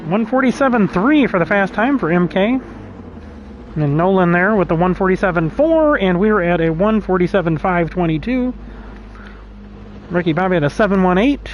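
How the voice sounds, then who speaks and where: A man's voice: high-pitched, animated, normal speed, lo-fi sound, slight background noise. A man casually commenting on his own sim race as a streamer, chatty and laughing often, reading out lap times. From United States.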